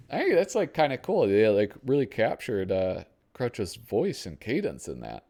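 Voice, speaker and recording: A man's voice: fairly low pitch, huge pitch swings, normal speed, vocal fry, few pauses, warm tone. A man hosting a casual flip-through of a magazine, rambling and thinking aloud with many ums. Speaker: host. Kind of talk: casual chat while flipping through a magazine.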